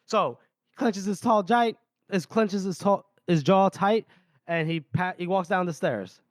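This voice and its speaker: A man's voice: high-pitched, measured pace, no echo. A man on a podcast retelling a fantasy novel chapter, reading passages aloud and laughing often as he goes. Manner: laughs often while retelling, voices characters lightly. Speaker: podcast host. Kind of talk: casual book recap with read-aloud passages.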